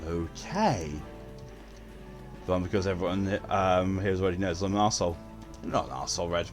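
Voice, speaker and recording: A man with a deep voice talks briskly while streaming a game, chatting casually with viewers in a blunt way and swearing often. Music plays in the background.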